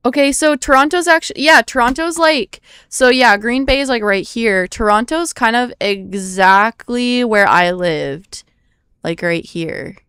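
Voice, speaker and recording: A woman's voice: a little high, unhurried, a bit bright, smooth, no room sound, clean studio sound. A young American woman livestreaming in casual chat, rambling and easily surprised, now and then swearing when startled. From United States. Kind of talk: casual live-stream chat.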